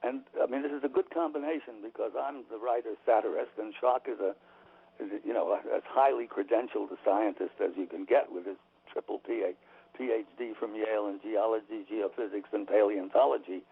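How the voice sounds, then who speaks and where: A man's voice: lowish voice, fairly even intonation, fairly quick, breathy edge. A man being interviewed on the radio, talking emphatically and opinionatedly with frequent restarts, heard over a tinny phone line. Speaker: author and guest.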